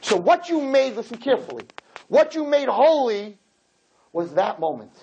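A man teaching a class as a rabbi, telling stories in an animated, joking way and acting out the scenes. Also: extremely high pitch, moderate pace, gravelly. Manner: animated, jokey, acts out scenes. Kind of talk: lively storytelling lesson. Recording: dull lo-fi with faint noise.

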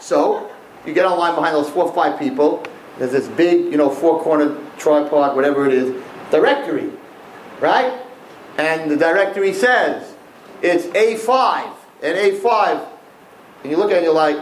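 A man with a high, lively voice gives a humorous religious lecture, swinging his pitch widely and checking in with his listeners. He is recorded in a roomy, echoing space with a faint background hum. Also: moderate pace. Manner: animated, repeats "right?" to the audience. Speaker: religious teacher.

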